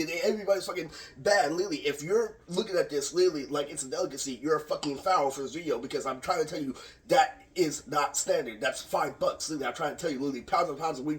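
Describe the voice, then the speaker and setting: A young man tells a rambling story in a vlog, swearing freely and leaning on "literally" constantly. He speaks in a slightly high voice at a rapid pace. His voice reaches the mic from a distance. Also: fairly bright tone. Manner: rambling, profane, says "literally" again and again. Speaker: vlogger. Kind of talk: casual storytelling monologue.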